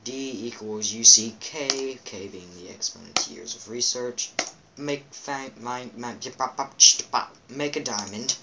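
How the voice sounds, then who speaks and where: A man's voice: mid-range voice, a little slow, gravelly, very noisy. A man hosting a let's play, reading game captions aloud with goofy asides and playful quack and meow noises. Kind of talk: casual game commentary.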